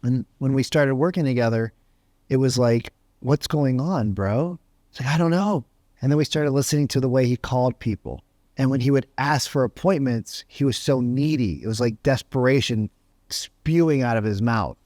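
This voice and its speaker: A man's voice: medium pitch, normal speed, darkish tone, dry recording, clean studio sound. A man giving a motivational talk as a sales coach, emphatic and full of rhetorical questions. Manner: emphatic, asks rhetorical questions, says "right?" often.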